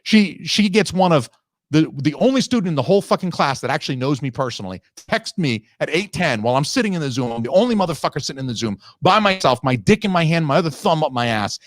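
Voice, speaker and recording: A man's voice: fairly high pitch, very animated, fast, dry recording, studio quality. A man hosting a podcast, telling a long, profane, ranting story in casual chat. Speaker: podcast host.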